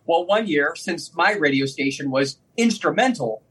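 Husky, high-voiced man telling stories. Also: normal speed, poor audio. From Northeast Ohio. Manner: animated storyteller, laughs often. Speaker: guest, former radio DJ and performer. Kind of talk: casual conversation, storytelling.

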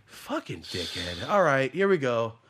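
A young adult man hosting a podcast, telling stories in a profane, animated way, moving from low muttering to loud bursts. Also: unhurried. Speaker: podcast host. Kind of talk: casual storytelling chat. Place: podcast studio.

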